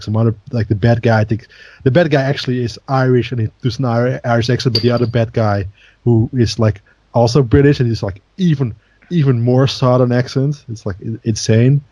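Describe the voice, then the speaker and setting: A man's voice: mid-range voice, warm tone, dry recording, dull audio. A man co-hosting a podcast in casual chat, rambling with many fillers and laughing often. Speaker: podcast co-host.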